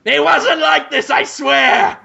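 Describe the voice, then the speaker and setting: A man playing a whiny, pushy male client who shouts demands for money. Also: very high-pitched, level tone, slow pace, vocal fry, dull audio, pitched above the performer's own voice, exaggerated voice. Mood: indignant.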